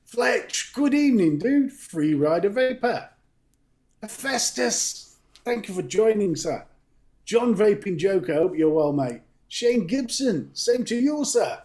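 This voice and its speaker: A man with a high, sing-song voice speaks slowly in a slightly mellow tone. Co-hosting a live stream from a home studio, he greets chat viewers one at a time with affectionate nicknames, laughing often in casual chat.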